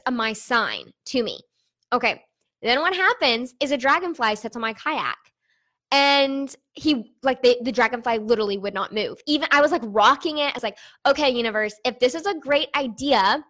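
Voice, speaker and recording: High-voiced emotional young woman vlogging. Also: a bit bright. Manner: emotional, candid, chatty, addresses viewers as friends. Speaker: online business owner giving an income report. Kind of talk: casual to-camera vlog talk.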